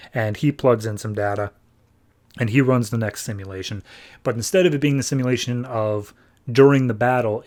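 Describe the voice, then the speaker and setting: A man's voice: mid-range voice, darkish tone. A man hosting a podcast, casually recapping a comic book in a chatty, filler-heavy way. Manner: chatty, filler-heavy, retells scenes in quoted paraphrase. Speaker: podcast host.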